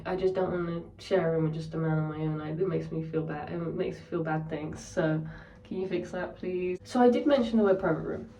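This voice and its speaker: A woman's voice: mid-range voice, a little mellow, recorded from a distance. Sweary young woman ranting in an echoey room. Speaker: vlogger. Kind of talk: casual storytelling. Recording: roomy echo, voice set back from the mic.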